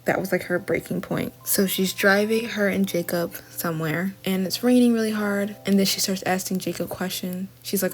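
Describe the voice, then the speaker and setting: A young adult woman giving a casual, chatty plot recap and review of a TV show, often saying "like" and acting out what the characters said. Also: lowish voice. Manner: chatty plot recap with frequent "like" and quoted dialogue. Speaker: TV review vlogger.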